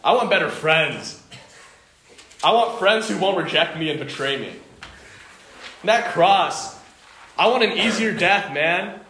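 A pampered young man pleads with his dad for a nicer life and an easier road, as a man acts him out mid-sermon. The whine sits a little high in his voice. The room echoes and faint noise runs under it. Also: animated, takes it slowly, long pauses, sharp tone, heavily acted. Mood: whining. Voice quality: whiny, bargaining.

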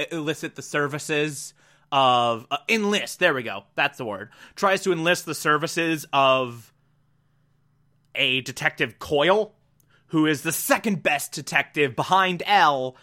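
A podcast host recaps an episode in a loose, chatty way, laughing often and leaning on filler words. The voice has a bright tone. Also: mid-range voice.

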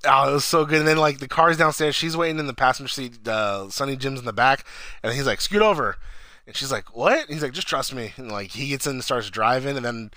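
A man in casual chat, excitedly recapping a TV episode, swearing a lot and acting out the characters' lines. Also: mid-range voice, brisk, no echo, rough recording.

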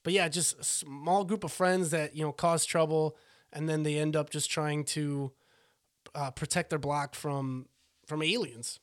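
A man's voice: a little high, steady tone, measured pace, dry recording, studio quality. A young adult man co-hosting a podcast, rambling casually with many restarts and hesitations. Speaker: podcast co-host. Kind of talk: casual chat.

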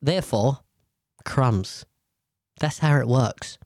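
A man's voice: mid-range voice, takes it slowly, darkish tone, no room sound, studio quality. A man hosting a solo podcast from a table at home, rambling in casual chat, swearing freely and often restarting his sentences. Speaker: podcast host.

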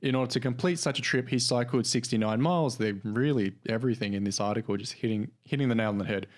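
This casual podcast chat comes from a young male co-host who talks fast in a mid-range voice. He wanders from point to point, full of fillers and false starts.

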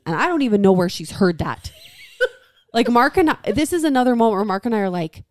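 A woman's voice: medium pitch, sing-song, quick pace, darkish tone, dry recording, clean studio sound. A woman co-hosting a podcast, telling a family story in casual chat and acting out her daughter's lines. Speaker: podcast co-host.

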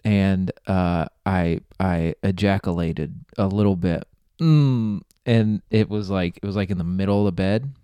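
Young man telling stories with a smooth voice. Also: sits low, unhurried, dark tone, dry recording. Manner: rambling storyteller, laughs at own jokes. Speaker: podcast host. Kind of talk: casual comedic monologue.

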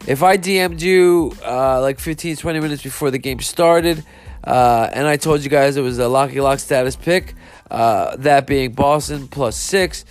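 A man with a stuffy nose hosting a sports betting podcast, reacting to a game and apologizing, frustrated and profane. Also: medium pitch. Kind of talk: live reaction and apology monologue.

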